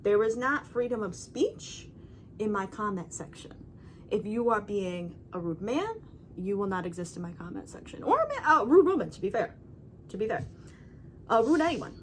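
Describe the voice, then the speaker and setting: A woman vlogging from home in a casual, rambling talk straight to camera, speaking at a middling pitch. She stays emphatic and keeps checking in with her viewers. There is a faint hiss behind her voice. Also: sing-song, moderate pace. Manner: emphatic, rambling, frequent "right?" and "you know". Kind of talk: casual talking-head monologue.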